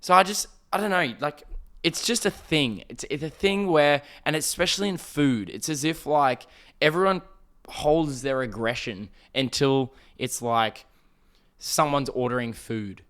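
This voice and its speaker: A young man hosting a solo podcast, telling a story in an animated, profane, ranting way. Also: on the high side, unhurried. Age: young adult. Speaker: podcast host.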